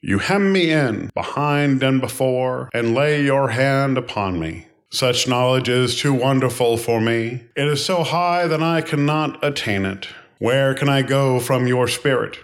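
A man reads scripture aloud in a calm, steady voice of middling pitch. His phrasing is even and unhurried, with each line set apart. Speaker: scripture reader. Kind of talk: measured scripture reading.

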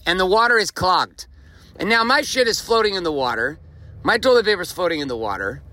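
A male podcast host giving a motivational monologue, telling a story in an animated and profane way. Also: high-pitched, fairly quick, no echo.

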